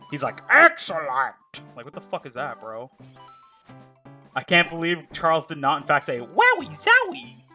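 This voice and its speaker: A man with a medium-pitched, bright, forceful voice chats casually while streaming a game live, rambling, joking, and swearing as he plays.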